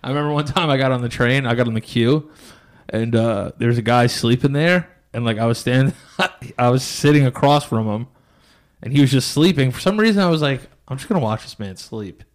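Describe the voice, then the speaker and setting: A man's voice: medium pitch, a little fast. A man co-hosting a podcast in casual chat, telling stories playfully and laughing often. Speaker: podcast co-host.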